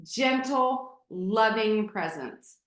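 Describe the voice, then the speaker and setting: Slow-talking woman in an echoey room. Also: medium pitch, expressive, fairly bright tone. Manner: candid, emotional, many fillers and restarts. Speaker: podcast guest. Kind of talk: personal storytelling in conversation. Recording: roomy echo.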